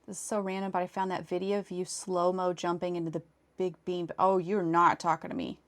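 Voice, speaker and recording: A woman in her thirties with a low-key, even delivery, casually chatting with viewers while she crafts on a live stream. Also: fairly quick. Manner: thinks aloud and answers chat.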